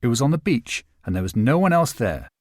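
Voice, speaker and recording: A man reads a novel aloud as an audiobook narrator, measured and expressive in his storytelling. His mid-range voice is captured at studio quality with no echo, performing scripted narration.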